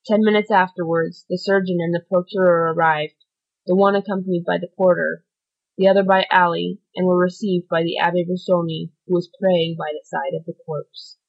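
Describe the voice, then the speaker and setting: A woman narrating a classic novel as an audiobook in a steady, measured reading. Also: lowish voice, creaky. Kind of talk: scripted narration. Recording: dull lo-fi recording.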